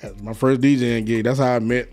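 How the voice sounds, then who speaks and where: A man, a guest DJ telling stories in casual, profane, animated talk and acting out voices. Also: mid-range voice, a little fast, faint music behind. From Atlanta, US. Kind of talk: casual storytelling.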